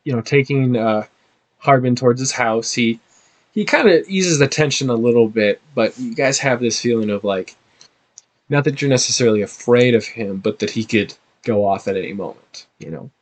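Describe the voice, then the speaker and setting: A man narrating a tabletop game as game master, animated and halting. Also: mid-range voice.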